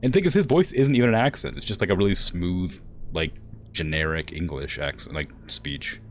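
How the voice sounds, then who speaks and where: A male streamer rambles casually, poking fun at himself. His voice is very deep, yet it swings widely up and down in pitch. The talk is loose and unscripted. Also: animated, brisk, a little hiss or hum. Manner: rambling, self-deprecating. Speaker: streamer and game narrator. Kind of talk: casual live-stream commentary.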